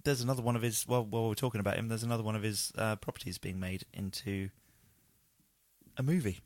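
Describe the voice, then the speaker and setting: A man's voice: on the low side, steady tone, fast talker, a little mellow, no room sound. A man co-hosting a podcast, chatting casually and rambling, with frequent swearing. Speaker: podcast co-host. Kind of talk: casual chat.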